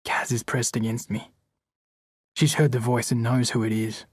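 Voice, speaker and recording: Male audiobook narrator, steady and measured, husky timbre, dry sound. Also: mid-range voice, dry recording. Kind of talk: scripted narration.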